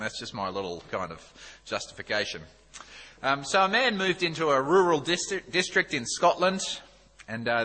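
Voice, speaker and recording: A man gives a sermon to a church congregation in a bright, clear voice. He speaks conversationally, with plenty of fillers and humble asides. The sound carries a long church echo. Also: medium pitch. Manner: self-deprecating, conversational, many fillers. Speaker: visiting preacher. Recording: echoey church hall.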